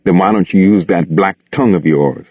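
A man reading a novel aloud, voicing an angry, hot-tempered young man who curses in a flat, menacing tone. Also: sits low, moderate pace, breathy edge, no room sound, lo-fi sound.

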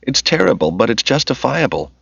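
A man's voice: medium pitch, big pitch swings, a little fast, creaky, a bit bright, slightly rough, no room sound, pitched above the performer's own voice, heavily acted. A man putting on a frightened tearful woman. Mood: distraught. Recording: dull lo-fi audiobook recording.

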